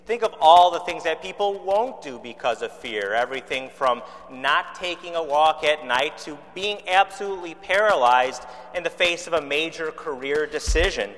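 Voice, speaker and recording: A man's voice: fairly high pitch, expressive, moderate pace, hardly any pauses, a bit bright. Man preaching in a reverberant church. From Chicago. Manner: conversational, rhetorical questions, dry humor. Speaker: pastor. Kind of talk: sermon.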